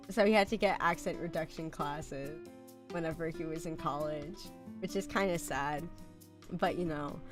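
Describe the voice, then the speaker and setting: Slow-talking woman streamer with a cough. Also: on the low side, a bit bright. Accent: light American country. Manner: chatty, laughs often, blunt. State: sick with a cough. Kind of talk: casual live-stream chat.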